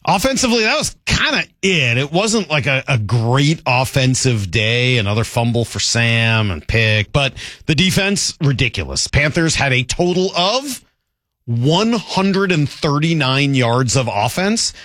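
A man hosting a casual sports talk show, rambling and laughing as he goes through football highlights. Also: a little slow, dry recording, studio quality. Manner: lively, rambling, laughs often. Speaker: sports radio host.

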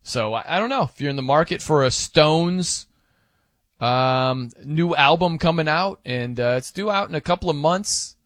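A man's voice: on the high side, moderate pace, no room sound. A man filling in as a sports radio host, bantering casually and jokingly with fillers from a studio mic. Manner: animated, joking, rambling with fillers. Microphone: close studio mic.

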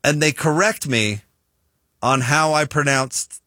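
A man's voice: fairly high pitch, takes it slowly, no echo, studio quality. A man with a Utah American accent, hosting a sports radio show in casual, chatty talk. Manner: chatty, self-deprecating, animated storyteller.

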